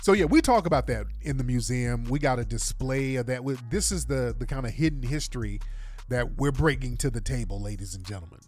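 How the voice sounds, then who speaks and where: A man's voice: medium pitch, brisk, darkish tone, soft background music. An American man hosting a livestream, talking in casual commentary that is slangy, sarcastic and exasperated. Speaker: livestream host.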